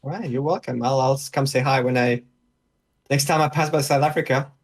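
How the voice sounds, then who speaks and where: A man guest on a gaming podcast, speaking English as an in a hesitant, halting way with many restarts. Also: medium pitch, fairly even intonation. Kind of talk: casual chat.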